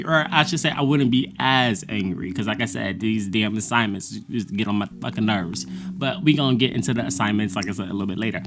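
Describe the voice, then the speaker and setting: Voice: mid-range voice, brisk. A vlogger talking casually about a semester, blunt and profane, with frequent laughter. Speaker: vlogger recapping a college semester. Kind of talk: casual monologue.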